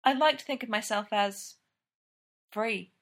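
A wry young smuggler captain in her twenties, read aloud by a woman. She gives orders briskly and lets dry sarcasm slip into her replies, in a storybook telling. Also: fairly high pitch, fairly bright tone. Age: 20s.

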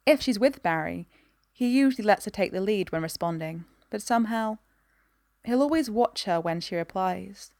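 A woman reading a story aloud in an even, gentle voice. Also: medium pitch, dry recording, clean studio sound. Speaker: narrator.

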